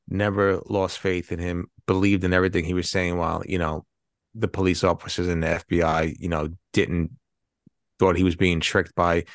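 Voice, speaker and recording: A man's voice: low-pitched, no echo, clean studio sound. A man co-hosting a casual movie podcast, rambling and swearing freely as he talks. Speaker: podcast co-host.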